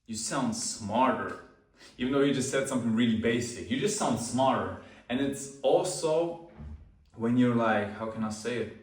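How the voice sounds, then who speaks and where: A man hosting a self-improvement video, talking slowly and calmly with deliberate pauses. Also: medium pitch, roomy sound, far from the mic. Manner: slow, calm, pausing deliberately. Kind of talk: slow deliberate talk to camera.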